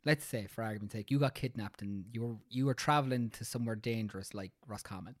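An Irish podcast co-host in casual chat, teasing and quick-witted. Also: mid-range voice, dry recording, clean studio sound.

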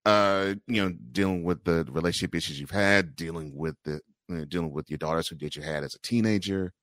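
A man with a deep voice asks gentle, reflective questions. The sound is dry and close. He mostly offers quiet murmurs of agreement. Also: a little fast, no room sound. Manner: quiet affirming backchannels. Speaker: interviewer. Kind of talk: interview.

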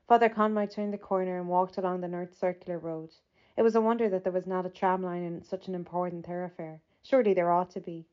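A woman narrating a literary audiobook in a measured, even reading that lifts slightly for quoted speech. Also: lowish voice. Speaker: audiobook reader. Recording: slightly muffled lo-fi recording.

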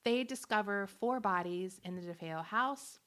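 A woman's voice: mid-range voice, measured pace, fairly bright tone. A woman hosting a podcast, casually telling a true-crime story, chatty and laughing often, acting out quotes. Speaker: podcast host.

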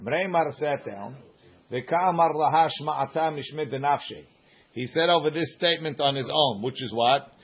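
Husky guy teaching talmud, singsong chant then quick english, muffled lo-fi recording. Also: fairly high pitch. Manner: sing-song study chant, mixing Aramaic phrases with English. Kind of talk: Talmud class lecture.

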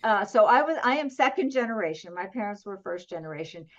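A woman's voice: medium pitch, animated, fast. Chatty, laughing woman on a lo-fi call. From southwestern Pennsylvania, US. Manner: chatty, humorous, laughs often. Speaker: author and guest. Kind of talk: casual interview chat.

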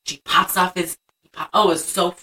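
A woman's voice: on the low side, steady tone, a little fast, far from the mic, crowd noise, low-quality recording. A young woman co-hosting a casual chat, animatedly retelling a movie scene and acting out the lines. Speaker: podcast co-host.

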